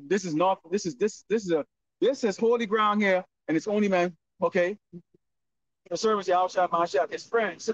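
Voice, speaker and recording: A man preaching on the street in a loud, profane, scolding manner. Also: high voice, normal speed, no echo. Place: outdoors, windy street corner. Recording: distant lo-fi outdoor recording.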